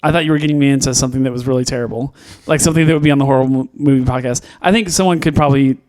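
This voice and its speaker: A podcast co-host with a medium-pitched, darkish voice talks very fast in a casual review chat. He rambles through restarts and fillers and laughs easily.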